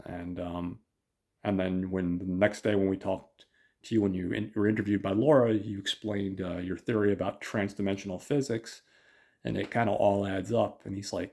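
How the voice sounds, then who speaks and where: A man's voice: low voice, fairly even intonation, moderate pace, gravelly, darkish tone. A man hosting a podcast, casually recapping an episode in a hesitant way with many fillers. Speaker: podcast host.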